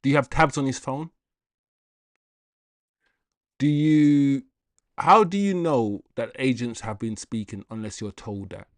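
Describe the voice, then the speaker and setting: A man's voice: mid-range voice, normal speed, no room sound. Slangy man hosting a livestream. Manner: animated, slangy, laughs and rambles. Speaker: host of a football livestream. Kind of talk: casual livestream chat, reading viewer comments.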